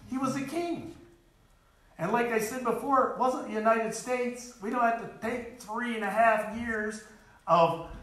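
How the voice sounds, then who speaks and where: A man's voice: very high voice, measured pace, a bit bright. A man preaching a sermon in a church in an earnest, emphatic way, reading scripture aloud. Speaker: lay preacher. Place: church sanctuary. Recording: very echoey church hall.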